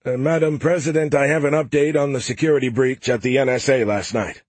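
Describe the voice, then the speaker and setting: A man's voice: medium pitch, steady tone, fairly quick, darkish tone, husky, no echo, pitched above the performer's own voice, natural voice. A man voicing a formal male security director giving a briefing in an audiobook. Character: nervous male security official. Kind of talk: audiobook character voice.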